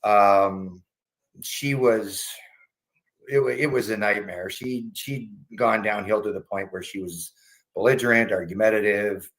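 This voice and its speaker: A man's voice: lowish voice, measured pace. A man casually telling a personal story, swearing freely and acting out the voices of the people in it. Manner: animated, acts out voices in his story, frequent restarts.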